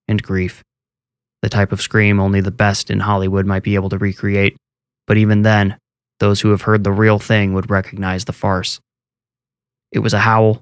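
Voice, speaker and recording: A man narrating a horror audiobook in a steady, measured delivery. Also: fairly low pitch, smooth, dry recording.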